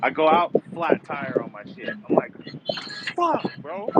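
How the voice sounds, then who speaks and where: A man's voice: mid-range voice, normal speed. A man telling a rambling, profane story in casual bar talk. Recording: muffled with loud background noise.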